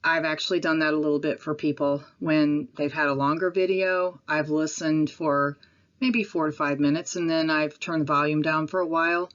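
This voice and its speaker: A woman with a Midwestern accent talks casually into her camera at home. Her voice sits low, and she rambles a little, with pauses and apologies. The recording is dull and lo-fi. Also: steady tone. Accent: Midwestern American. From Midwestern United States. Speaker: vlogger.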